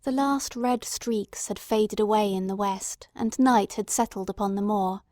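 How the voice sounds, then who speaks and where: A woman reading a classic novel aloud as an audiobook narrator, in a measured, dramatic storytelling manner. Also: mid-range voice, a little mellow, no room sound, studio quality. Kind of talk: scripted narration.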